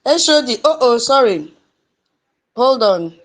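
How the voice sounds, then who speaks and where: A woman's voice: fairly high pitch, animated, a little slow. Teasing woman moderator. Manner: chatty, teasing. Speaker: moderator of an online audio room. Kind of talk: casual moderating.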